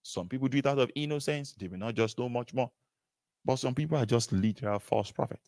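A man preaching a sermon in an animated way, repeating phrases and asking rhetorical questions. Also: medium pitch, fairly quick, no room sound.

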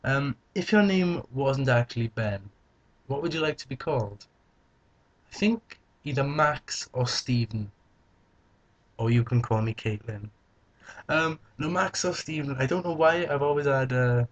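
A young man chats on his vlog, answering viewer questions with a playful, joking edge. His voice sits at an ordinary middle pitch for a man. The recording sounds a little dull and lo-fi. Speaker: vlogger.

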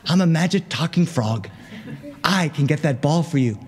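A man's voice: fairly high pitch, animated, normal speed, darkish tone, natural voice. A man voicing a hideous male magic talking frog who bargains bluntly, with a long hall reverb behind him. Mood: insistent.

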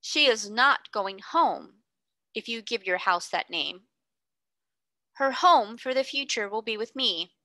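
Casting: a woman doing a grave older gentleman holding his temper, slow and firm, bright tone, dry sound. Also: on the high side, expressive, no room sound, exaggerated voice. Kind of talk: audiobook character reading.

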